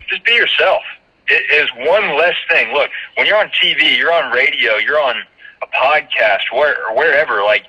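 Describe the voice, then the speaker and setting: A man's voice: medium pitch, slightly rough. A man from Georgia with a light Southern accent, talking animatedly as a broadcaster guest in a casual interview. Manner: animated, emphatic, storytelling with quoted voices. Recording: muffled lo-fi phone-like line.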